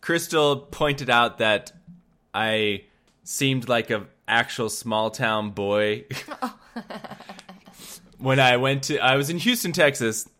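Brief: man, 30s, co-host, mid pitch, lively jokey delivery. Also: takes it slowly, pauses often. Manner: joking, playful asides. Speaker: podcast co-host. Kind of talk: casual chat.

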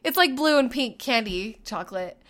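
A woman in her thirties co-hosting a podcast, telling family stories in a casual, animated way, laughing and acting out quotes. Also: fairly high pitch, normal speed. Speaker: podcast co-host. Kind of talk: casual storytelling chat.

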